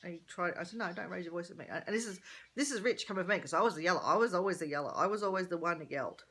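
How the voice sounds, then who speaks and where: A woman's voice: fairly low pitch, expressive, very fast, a bit bright. A middle-aged woman talking candidly in a rambling personal vlog, thinking aloud and correcting herself as she goes. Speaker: vlogger.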